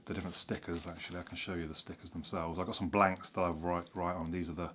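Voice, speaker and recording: A man's voice: low voice, level tone, quick pace, a bit bright, slight background noise. A man chatting casually about learning a language, rambling and correcting himself with frequent ums. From England. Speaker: vlogger. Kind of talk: casual explanatory chat.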